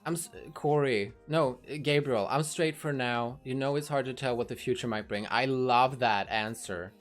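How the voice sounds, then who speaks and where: A woman's voice: a bass voice, normal speed. A woman livestreamer in casual chat, talking frankly to her viewers and swearing freely, with faint music behind her.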